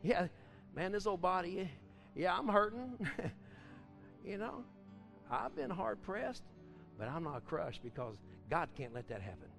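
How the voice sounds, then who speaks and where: A man preaches a church sermon in a high, fervent voice. He swings from loud, ringing outbursts to quiet, chatty storytelling. Faint music plays behind him. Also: big pitch swings, unhurried, creaky, pauses often. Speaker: pastor. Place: church service.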